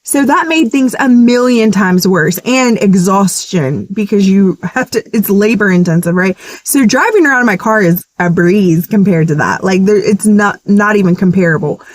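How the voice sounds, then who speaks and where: A woman's voice: mid-range voice, normal speed, hardly any pauses, dry recording. A woman sharing a casual, earnest testimony in a vlog, chatty and emotional. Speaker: ministry vlogger.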